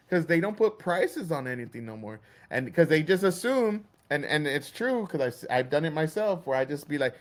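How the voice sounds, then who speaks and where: A man's voice: on the high side, lively intonation, a little fast, hardly any pauses. Heated, swearing man ranting. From Texas. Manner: heated, swearing, acts out store clerks. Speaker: podcast host. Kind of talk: casual profane rant.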